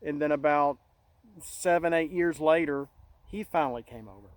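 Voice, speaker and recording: Man, middle-aged, somewhat high voice, halting restarts, earnest, dry close recording. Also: dry recording, rough recording. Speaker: channel host. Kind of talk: casual monologue.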